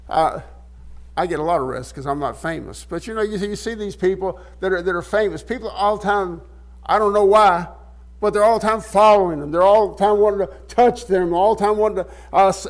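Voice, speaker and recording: High-pitched guy preaching, reads the bible verses then chats about them, keeps repeating words. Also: brisk. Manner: conversational, repeats words while searching for phrasing; reads scripture aloud in King James wording. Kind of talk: sermon.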